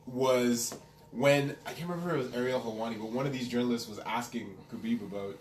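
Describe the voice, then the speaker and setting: A man's voice: mid-range voice, quick pace, slight background noise. A man hosts a loose podcast conversation, laughing easily and moving things along. His voice sits mid-range and sounds roomy and a bit distant from the mic, with faint ambience behind. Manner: laughs easily, steers topics. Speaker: podcast host. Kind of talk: casual podcast chat.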